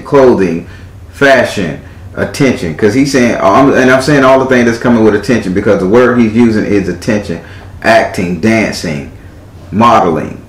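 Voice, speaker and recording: A man's voice: mid-range voice, echoey room, poor audio. A man doing a live tarot reading in a theatrical, teasing way, swearing freely as he talks to a client. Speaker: tarot reader.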